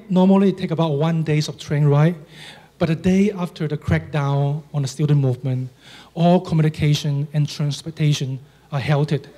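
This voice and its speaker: Slow, mellow man with a Chinese accent. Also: a little high. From China. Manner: dry, understated humor with measured pauses. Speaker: storyteller. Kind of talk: live stage storytelling.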